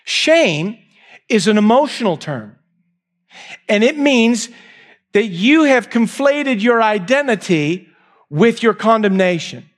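High-voiced male pastor preaching. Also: very animated, takes it slowly. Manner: emphatic, repeats key lines, swings from raised to hushed. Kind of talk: sermon.

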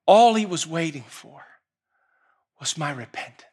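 A male preacher telling a parable in a sermon, swinging from quiet, hushed storytelling to loud, emotional shouting. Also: a little high, lively intonation, unhurried, slightly rough.

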